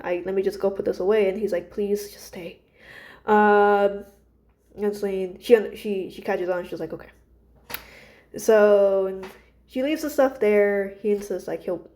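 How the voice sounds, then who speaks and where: Woman, warm mellow voice, gentle hesitant ramble full of ums and restarts. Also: medium pitch. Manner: hesitant, many fillers and restarts. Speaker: creator discussing her characters. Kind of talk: casual rambling monologue.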